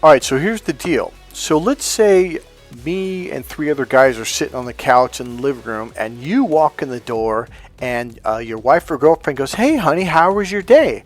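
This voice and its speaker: A man's voice: medium pitch, normal speed, few pauses, soft background music. A man coaching other men on dating in a blunt, profane, casual monologue, acting out quotes as he goes.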